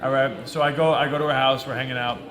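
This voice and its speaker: A man telling a comic personal story on a talk show, quick and self-deprecating, laughing as he goes. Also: medium pitch, fairly even intonation, roomy sound, noisy background. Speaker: guest athlete. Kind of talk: animated anecdote telling.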